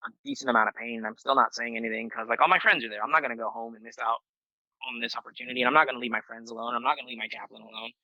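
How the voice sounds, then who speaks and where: A middle-aged Marine veteran telling a story as a podcast guest in a loose, profane, rambling way with many fillers. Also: male voice, mid-range voice, sharp tone, no room sound, poor audio. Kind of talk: casual storytelling.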